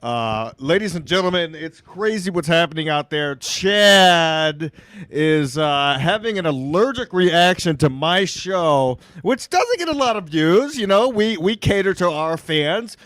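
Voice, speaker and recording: Man, podcast host, sarcastic casual chat, slightly high voice, dry close mic. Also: lively intonation, unhurried, fairly bright tone, dry recording. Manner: sarcastic, joking.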